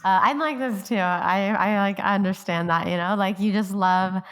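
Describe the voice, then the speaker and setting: Woman, mid-pitched voice, casual podcast host, affirming, chatty questions. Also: a little slow, fairly bright tone, clean tone. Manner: friendly and affirming, frequent agreement and small laughs. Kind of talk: casual conversational interview.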